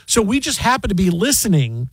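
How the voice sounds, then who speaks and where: A man's voice: high voice, slightly rough, dry recording. A man hosting a talk radio show, joking and bantering with his co-hosts. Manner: animated, joking, quick to laugh.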